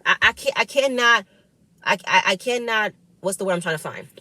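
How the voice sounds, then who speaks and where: A woman recaps a reality episode in loose, emphatic chat. She repeats her words for stress and speaks at a mid pitch. Her voice sits close and dry, with no room echo. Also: expressive, brisk, bright, forceful tone. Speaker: reality show cast member recapping an episode.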